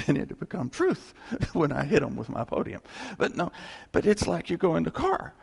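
Gravelly-voiced man preaching a lively sermon. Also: a little high, moderate pace, long reverb tail. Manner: animated, repeats phrases for emphasis, chuckles often. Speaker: pastor. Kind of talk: conversational sermon.

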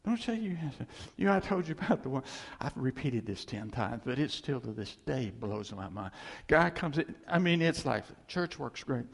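Male preacher, raspy-edged and a touch high, animated, reverberant hall. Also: moderate pace. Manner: animated, acts out God's voice, rhetorical questions. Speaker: pastor. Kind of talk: sermon.

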